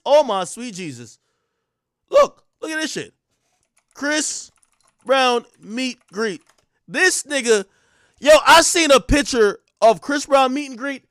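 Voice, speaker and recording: Young adult man, high voice, excitable casual rant, loud profane bursts, dry close sound. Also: slow, pauses often, clear, resonant tone, no echo. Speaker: streamer and commentator.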